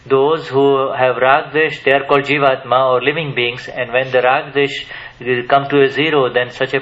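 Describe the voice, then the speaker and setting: A man's voice: mid-range voice, a bit bright, muffled recording. A man teaching at a spiritual question-and-answer session, hesitant, with many restarts and questions put to the audience. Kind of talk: spiritual Q&A talk to a live audience.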